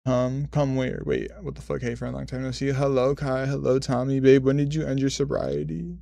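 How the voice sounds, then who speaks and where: Gravelly, profane man in his twenties. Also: mid-range voice, moderate pace, dark tone, dry recording. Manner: rambling, profane, self-correcting. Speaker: streamer. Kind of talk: casual storytelling chat.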